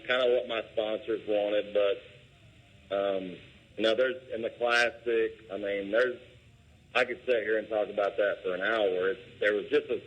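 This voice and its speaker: Male guest, low and husky, plainspoken rambling answers, dull phone-in sound. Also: fairly bright tone. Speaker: guest, pro bass angler. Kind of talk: casual interview answers. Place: his workshop.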